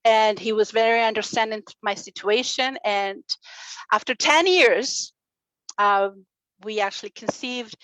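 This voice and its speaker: A woman in her forties speaks on stage, telling a personal story with earnest energy and a fairly high voice. The sound is dry and close, with no room echo. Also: unhurried. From Chile. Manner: earnest, animated storytelling with laughs and acted quotes. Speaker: speaker at a summit, radio and podcast host. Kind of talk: motivational personal talk. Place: stage at a summit.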